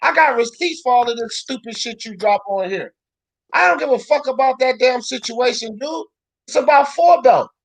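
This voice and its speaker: A talk-show host, a woman, tears through a loud boxing rant full of swearing and frequent shouting. Her gravelly voice is a bit high for a woman; she is animated, keeps a moderate pace, and argues with fiery, nonstop conviction.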